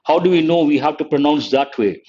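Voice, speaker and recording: A man's voice: on the high side, lively intonation, a little fast, warm tone, muffled recording. A man, teaching an exam-prep lecture online, quizzing students and spelling words letter by letter. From India. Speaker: English teacher.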